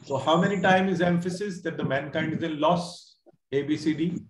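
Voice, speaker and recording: Over a video call, a man with a slightly high voice teaches an online Quran word lesson, with reverb and background noise audible. He explains each word slowly and step by step, repeating himself often and quizzing his students.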